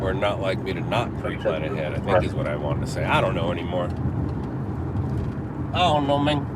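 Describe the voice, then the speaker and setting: A man's voice: low voice, animated, a little fast. A man hosting a casual livestream, chatting with viewers in a rambling, playful way and often correcting himself. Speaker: livestream host. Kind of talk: casual chat with live chat viewers. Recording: noisy street and traffic background.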